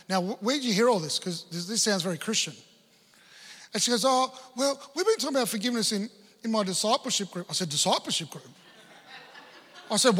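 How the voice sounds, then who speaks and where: An Australian man preaching a sermon, telling a family story and acting out the dialogue with lively energy. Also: high voice, big-room sound. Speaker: pastor.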